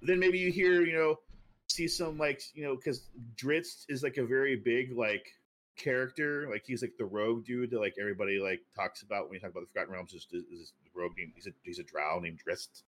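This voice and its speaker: List: man, mid-pitched, podcast co-host, casual chat, rambling, filler-heavy, laughs often. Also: brisk, fairly bright tone.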